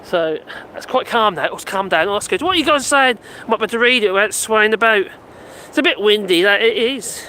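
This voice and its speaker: A man with a strikingly high, bright voice rambles cheerfully through a casual outdoor live stream. He chats loosely, reacts to comments and laughs often, speaking into a mic with a furry windshield while faint wind hisses behind him. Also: animated, fairly quick, poor audio. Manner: chatty and rambling, with frequent laughs and exclamations. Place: outdoors on a windy hillside near buildings. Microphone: handheld mic with furry windshield.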